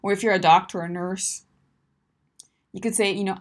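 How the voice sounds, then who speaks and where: A woman's voice: mid-range voice, steady tone, moderate pace, pauses often. A woman coaching listeners in a direct advice talk, emphatic and encouraging, often checking in with "right?" and "my friend".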